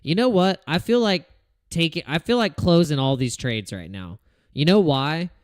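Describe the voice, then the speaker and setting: Exasperated, lively-pitched male streamer. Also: moderate pace, dry recording, clean studio sound. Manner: frustrated, swearing, rambling with restarts. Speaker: crypto trading livestream host. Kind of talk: casual livestream rant.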